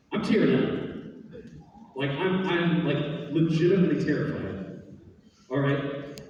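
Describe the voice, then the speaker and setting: A man, a band teacher, telling a story to his students in an animated way and acting out the voices he quotes. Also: a little high, dull audio, a little hiss or hum. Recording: echoey hall from far off.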